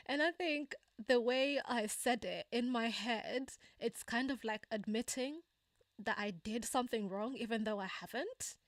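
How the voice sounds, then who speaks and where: A woman's voice: unhurried, no room sound, studio quality. Chatty woman telling a story. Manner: chatty, laughing often, frequent fillers and asides; acts out quoted dialogue in a higher voice. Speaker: channel host. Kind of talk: casual storytelling livestream.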